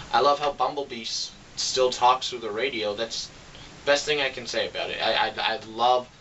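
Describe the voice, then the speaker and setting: Man, casual movie-review rant, bright edgy voice, sarcastic and fed up; faint hiss, a bit off-mic. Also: a little slow, far from the mic, poor audio. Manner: exasperated, sarcastic, acts out quotes with big pitch jumps. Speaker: film reviewer.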